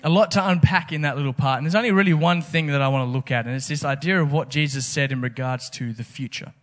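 A man's voice: a little high, quick pace, fairly bright tone. A man preaching a casual, conversational sermon, full of rhetorical questions. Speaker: pastor.

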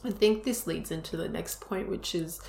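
A young woman co-hosting a casual podcast, speaking earnestly and openly and scattering "like" through her sentences. Her voice has a gravelly, creaky texture, and the room around her adds a noticeable echo. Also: fairly low pitch, moderate pace, darkish tone, a little hiss or hum. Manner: earnest and open, many "like" fillers. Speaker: podcast co-host. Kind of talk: casual conversational podcast chat. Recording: roomy echo.

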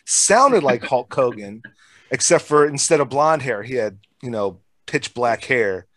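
A man telling casual, profane stories from his school days in a relaxed, chatty way. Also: mid-range voice, a little slow, no echo. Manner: profane, laid-back storytelling. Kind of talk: casual storytelling chat.

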